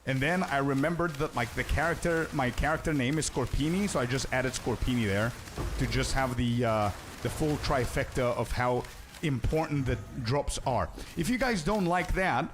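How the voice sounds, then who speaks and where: A man's voice: medium pitch, animated, moderate pace, noisy background. A young man streaming a game, chatting casually with viewers and answering their questions. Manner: chatty, answers chat, says "bro" often. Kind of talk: casual live-stream chat.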